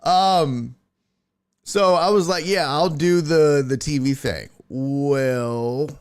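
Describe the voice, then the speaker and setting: A man hosting a sports talk show, chatting casually in an animated, profane way that jumps between tangents. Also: fairly high pitch, slow pace, clear, resonant tone. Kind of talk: casual chat.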